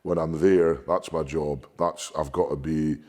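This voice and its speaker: Rumbling low at a measured pace, a man appears as a strongman guest in an interview. He's candid and animated as he tells stories, swearing and frequently repeating words.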